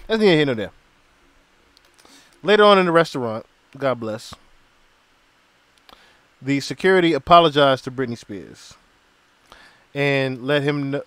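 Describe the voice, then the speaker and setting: A man hosting a podcast who tells a story in a casual, profane, animated way and acts out the quotes. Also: mid-range voice, clear, resonant tone, dry recording. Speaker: podcast host.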